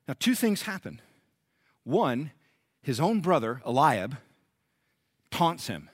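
A male pastor delivers a sermon and tells the story with energy, slipping into playful voices for the characters. His voice sits on the higher side, and the sound is dry and close with no room echo. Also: takes it slowly, pauses often, breathy edge. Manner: animated storytelling with acted-out voices.

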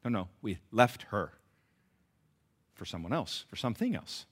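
A man preaching a sermon in a church, animated, swinging from loud emphasis to quiet asides. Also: fairly low pitch, normal speed, breathy edge. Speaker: pastor.

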